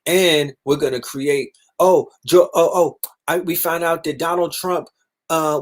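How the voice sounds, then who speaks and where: A young man hosting a casual livestream monologue, animated and profane, sometimes mocking others in put-on voices. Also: a little high, normal speed. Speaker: livestream host.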